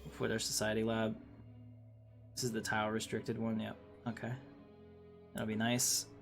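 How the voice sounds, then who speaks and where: A man's voice: lowish voice, completely flat delivery, normal speed, gravelly, soft background music. A man casually commenting on his strategy game livestream, thinking aloud, reading game text and chatting with viewers. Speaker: streamer playing a strategy game.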